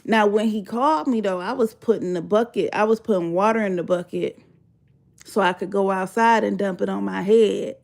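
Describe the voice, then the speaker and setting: Brief: woman storyteller for a storytime vlog, expressive and swearing freely, pitch spiking on outbursts. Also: moderate pace, creaky. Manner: animated, profane, jumps high when exclaiming. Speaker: YouTuber telling a story; mother of three.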